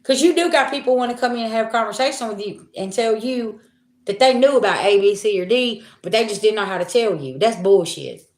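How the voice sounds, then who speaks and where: A woman's voice: medium pitch, fairly quick, a little mellow. A woman giving a spiritual reading to her viewers in a casual monologue, blunt and profane, repeating herself for emphasis. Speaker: spiritual reader. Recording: echoey room.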